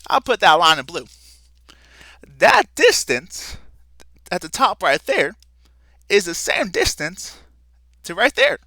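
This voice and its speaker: A man's voice: sits high, wildly swooping pitch, slow, long pauses, pushed and bright, no echo, exaggerated voice. A man voicing a folksy, cheerful frontiersman guest in a math video, hammy and chatty with the listeners.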